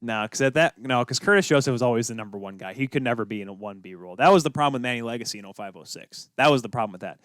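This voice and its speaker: Fast-talking opinionated male sports podcaster. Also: mid-range voice, animated, fairly bright tone, no echo, studio quality. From Minnesota. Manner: opinionated, talks fast with many asides. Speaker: podcast co-host. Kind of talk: casual sports chat.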